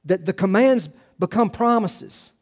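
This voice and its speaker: A middle-aged male pastor preaching a sermon, earnest, rising to emphatic quotes and dropping to hushed asides. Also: high-pitched, lively intonation, a little slow.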